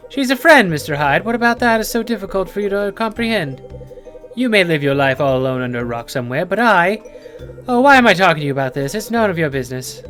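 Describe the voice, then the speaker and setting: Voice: medium pitch, very animated, fast talker, fairly bright tone, soft background music, voice pushed up. A let's play player voicing a prim, secretive woman guest who is haughty and easily offended. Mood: indignant. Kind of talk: let's play character reading.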